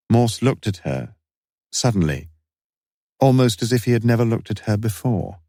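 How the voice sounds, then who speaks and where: A man reading a mystery audiobook in measured, wry narration. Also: lowish voice, expressive, warm tone, no echo, studio quality.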